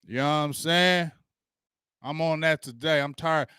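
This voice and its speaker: Guy on his sports livestream, hyped up, lots of slang, shouting out chat names, dry mic. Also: on the high side, unhurried, clear, resonant tone, no room sound. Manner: hyped, slangy, greets viewers by name. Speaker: sports talk livestream host.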